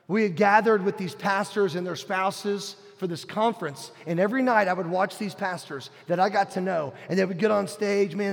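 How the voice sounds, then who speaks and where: A middle-aged man preaching a sermon, telling a personal story earnestly, dropping to a hush and rising to a shout. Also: high voice, gravelly. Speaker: pastor. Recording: long hall reverb.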